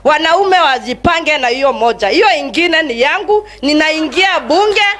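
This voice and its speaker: A woman's voice: high voice, expressive, unhurried, a bit bright. A Kenyan woman giving an impassioned campaign speech at a political rally as a candidate for office. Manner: impassioned, mixing English and Swahili. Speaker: political aspirant.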